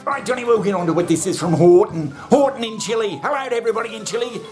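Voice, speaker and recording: A man's voice: high-pitched, quick pace, a little mellow, faint music behind. A man hosting a comedy show, bantering crudely with himself, swearing and laughing at his own jokes. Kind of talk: comic monologue, bantering with himself.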